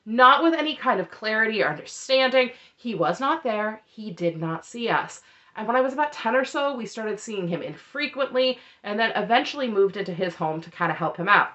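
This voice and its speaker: Lively sarcastic woman recapping TV. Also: mid-range voice, muffled recording. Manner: sarcastic, opinionated, chatty. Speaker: recap commentator. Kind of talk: casual TV recap commentary.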